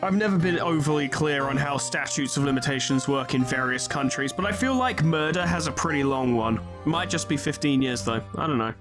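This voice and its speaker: A man's voice: fairly high pitch, animated, fairly quick, few pauses. Joking man reading a game. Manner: joking, sweary, laughs at his own jokes. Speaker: let's play host. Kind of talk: reading game dialogue aloud with commentary. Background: game music.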